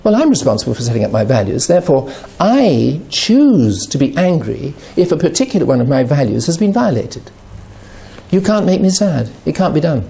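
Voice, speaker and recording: A middle-aged man giving a talk on addiction recovery, animated and acting out the voices he quotes. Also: a little high, normal speed, gravelly.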